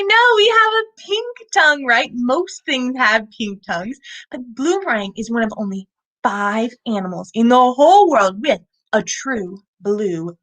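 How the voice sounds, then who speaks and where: A woman hosting a live children's animal show, animated and asking young viewers questions as she presents a lizard. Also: fairly high pitch.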